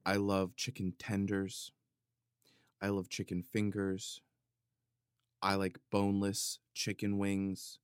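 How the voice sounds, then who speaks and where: A man reading viewer comments in a casual comedic monologue, playfully indignant, swinging from loud outbursts to low muttering. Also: monotone, takes it slowly, pauses often, smooth, dry recording, clean studio sound. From Italian heritage.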